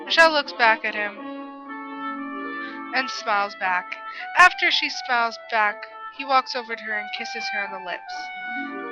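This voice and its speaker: A woman's voice: on the high side, unhurried, pauses often. A woman casually reading aloud a story she wrote, with a giggly, self-mocking manner. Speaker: reader of her own story. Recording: muffled lo-fi with music behind.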